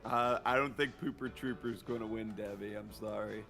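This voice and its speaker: A man's voice: fairly low pitch, steady tone, moderate pace, creaky, sharp tone, faint music behind. A man co-hosting a drawing livestream, chatting casually in a laid-back way and reading viewer questions aloud. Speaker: co-host of an art stream.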